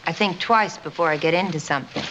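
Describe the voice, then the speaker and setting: A woman's voice: lowish voice, fast, dull audio, natural voice. An actress playing a guarded woman in an old film noir, answering in brief, cool replies. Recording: noisy old film soundtrack.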